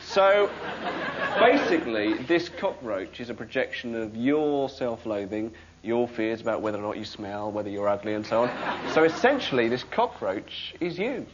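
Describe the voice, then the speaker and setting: A man delivers a rambling, wry confessional monologue. His pitch swings widely as he talks. The recording is dull, with loud noise behind him. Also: very animated, moderate pace. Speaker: sketch comedian. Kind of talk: comic monologue before a live audience.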